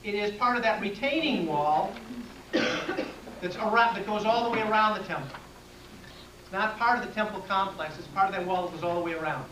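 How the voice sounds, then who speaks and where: A man's voice: high voice, normal speed, long pauses, recorded from a distance. A man giving a classroom lecture and answering questions from the audience in a plain, direct way. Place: lecture room. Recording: echoey room taped from afar, faint hiss.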